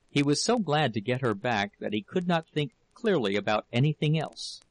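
A man reading a novel aloud as an audiobook narrator, in a steady, measured way. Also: mid-range voice, low-quality recording. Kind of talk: scripted narration.

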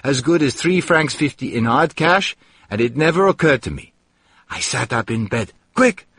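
A man's voice: medium pitch, lively intonation, moderate pace, fairly bright tone, husky, no echo. A man reading a first-person story aloud in a dry, wry storytelling manner. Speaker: narrator. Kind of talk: first-person audiobook narration.

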